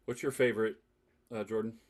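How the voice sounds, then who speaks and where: A man hosting a casual podcast chat, animated and laughing often as he leads the talk. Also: fairly low pitch, a little fast. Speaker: podcast host.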